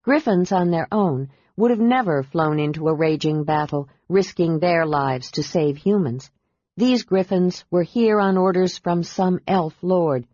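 A woman reading a fantasy novel aloud as audiobook narrator, with a measured, steady delivery. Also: lowish voice, no room sound. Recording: dull dry audiobook recording.

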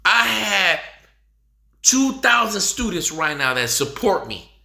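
A man, delivering an impassioned monologue full of repeated rhetorical questions and swelling toward a shout. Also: high-pitched, very animated, slow pace, vocal fry. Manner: repetitive, rhetorical questions, rising to near shouting. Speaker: speaker addressing the nation. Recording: echoey room.

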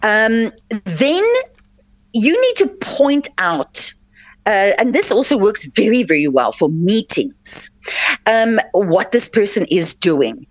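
A woman's voice: medium pitch, very animated, slow, dry recording. A woman hosting a radio coaching show, giving earnest advice and repeating her points for emphasis. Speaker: life coach and radio host. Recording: dull lo-fi, dry sound.

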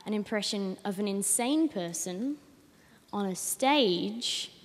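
A nineteen-year-old Australian woman doing a deadpan stand-up set on a comedy stage. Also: slow pace. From Australia (Adelaide). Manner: deadpan, with sudden high shrill rants. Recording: reverberant hall, faint noise.

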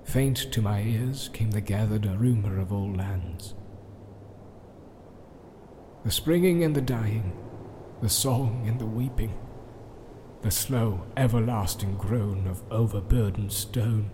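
Gandalf, ein Mann spricht den alten Zauberer. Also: male voice, fairly low pitch, warm tone, slight background noise, lightly acted. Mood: grave. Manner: solemn, measured, chanting verse. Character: ancient wise male wizard, grave and solemn. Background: film score music.

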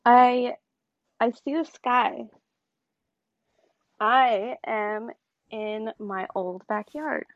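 A woman's voice: a little high, steady tone, extremely slow, long pauses, dry recording, muffled recording. A woman in her thirties, a guest in a casual chat, rambling through a story with plenty of fillers and giggles. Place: on her bed.

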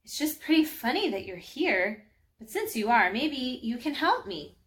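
A woman's voice: a little high, big pitch swings, moderate pace, fairly bright tone. A woman voicing a shy, hurt young schoolgirl in a storybook read-aloud, speaking earnestly a little above her own voice. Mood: doubtful, pleading.

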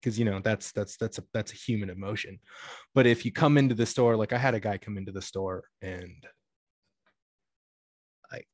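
A man's voice: lowish voice, normal speed, pauses often, dry recording, studio quality. A young man talking in a casual chat, rambling with lots of filler words and free swearing. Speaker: guest.

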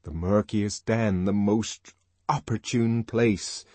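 A man's voice: lowish voice, steady tone, slow pace, mellow, dry recording. A man voicing a desperate, lovesick young man in an audiobook, pleading in strained poetic outbursts. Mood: solemn. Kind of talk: audiobook character voice.

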